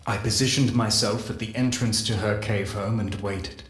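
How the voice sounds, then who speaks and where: An actor playing a solemn male scientist narrating a game audio journal, measured and confessional. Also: lowish voice, steady tone, a bit bright, natural voice. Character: solemn male scientist recounting guilty secrets. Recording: echoey voice with faint music.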